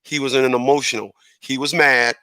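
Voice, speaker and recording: A man hosting a casual radio talk show, animated and rambling, correcting himself and chuckling as he goes. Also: mid-range voice, a little fast, no room sound.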